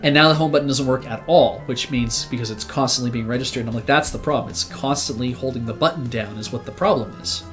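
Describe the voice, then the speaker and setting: With soft music in the background, this regular on the show speaks fast at a medium pitch with hardly any pauses. Though sick, he rambles animatedly through a long casual story, cursing and quoting what he said back then.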